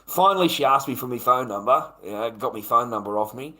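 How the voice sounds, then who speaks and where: In a rough recording, a middle-aged man with an Australian accent goes on a crude, swearing-filled livestream rant, repeatedly tagging "mate" as he rambles. His mid-range voice sounds sharp and expressive, moving a little fast.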